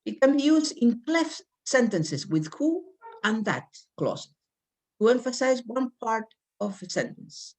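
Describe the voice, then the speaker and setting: Lively-voiced woman teaching English grammar. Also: on the high side, unhurried. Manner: reads example sentences aloud and calls on students by name. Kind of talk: online English grammar class.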